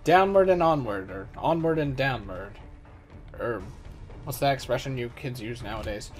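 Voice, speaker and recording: A man's voice: mid-range voice, expressive, moderate pace, faint music behind. Rambling, goofy young gaming commentator man. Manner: rambling, joking, self-mocking. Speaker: let's play host. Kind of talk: casual gameplay commentary.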